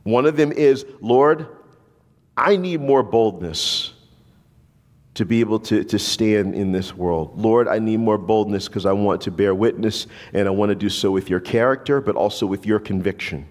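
A man's voice: fairly low pitch, normal speed, darkish tone, long reverb tail. A man preaching a sermon, telling a story and acting out the voices of the people in it. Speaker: pastor.

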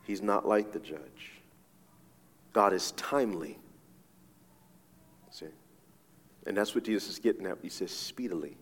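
A man's voice: deep voice, unhurried, long pauses. A man preaching a sermon as a pastor, talking conversationally with frequent asides and repeated "right?" checks to his listeners. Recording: long reverb of a large hall.

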